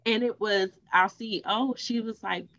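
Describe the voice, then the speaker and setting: A woman's voice: mid-range voice, normal speed, dry recording, muffled recording. A woman in her thirties chatting casually on a podcast, telling stories and acting out the voices of people she quotes. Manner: animated, acts out quoted voices. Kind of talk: casual storytelling chat.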